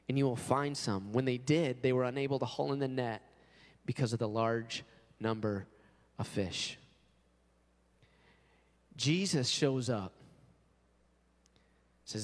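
A male pastor preaching a sermon in an animated way, acting out quotes. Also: sits high, in a large hall.

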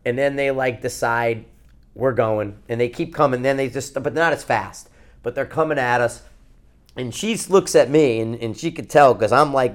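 A man from Connecticut, a podcast co-host, telling a long outdoor story in a casual, rambling way with plenty of swearing. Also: medium pitch. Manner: rambling, profane, animated anecdote-telling.

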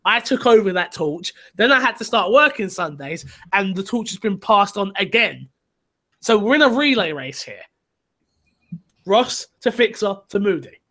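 A chatty male podcast host with a noticeably high voice, talking casually about gaming with his co-host. He sounds upbeat and laughs easily, and he reads listener mail aloud. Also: big pitch swings, normal speed, sharp tone. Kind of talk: casual chat, reading listener emails.

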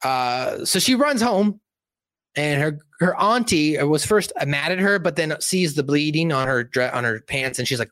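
A man with a slightly high voice recaps a film in a casual, profane ramble full of asides. His delivery is very lively, with pitch swinging widely. The sound is close and dry. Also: normal speed, dry recording. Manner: animated, rambling, profane storytelling with many asides. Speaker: movie recap commentator. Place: indoors, seated.

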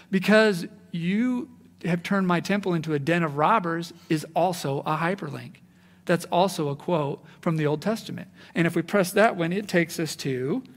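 A man preaching a sermon in an animated way, acting out the voices he quotes. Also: high-pitched, long reverb tail. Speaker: pastor.

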